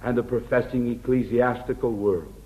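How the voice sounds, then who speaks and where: An American man preaching a sermon in an earnest way, often dropping to a hushed, tender tone. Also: medium pitch, steady tone, moderate pace. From United States. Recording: tinny lo-fi phone-like recording.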